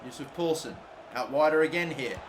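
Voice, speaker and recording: A young man from Australia commentating his own football video game, swearing constantly and erupting into shouts when a play goes wrong. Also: mid-range voice, fairly quick, slight background noise. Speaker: gaming YouTuber. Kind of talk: live gameplay commentary.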